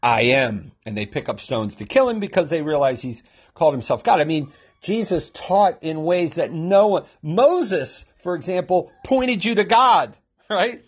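A Bible teacher with a husky, breathy, rather high voice explains scripture conversationally at a moderate pace. He acts out quoted lines with sudden animated energy and chuckles often, on a slightly muffled, lo-fi recording.

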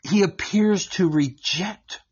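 A man teaching from the Bible to his co-hosts in a lively, conversational way, often checking in with a quick "right?" and laughing as he explains. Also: sits high, husky, lo-fi sound. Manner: animated, keeps asking "right?" and laughs while explaining. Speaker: Bible teacher on a talk show.

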